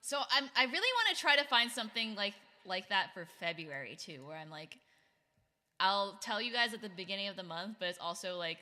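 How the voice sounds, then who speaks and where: A woman's voice: mid-range voice, pushed and bright, in a large hall. A woman streamer chatting casually with her viewers, giggling often and reacting to chat.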